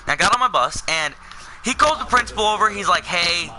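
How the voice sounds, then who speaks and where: A man's voice: high-pitched, expressive, brisk, sharp tone, slight background noise, low-quality recording. A young man telling a personal story in a casual, rambling way, full of fillers and self-corrections. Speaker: vlogger.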